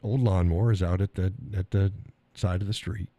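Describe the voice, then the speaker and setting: A man's voice: sits low, fairly even intonation, fairly quick, mellow, no room sound. A middle-aged man hosting a live stream, talking casually in a blunt, profane way and laughing often. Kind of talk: casual opinionated monologue.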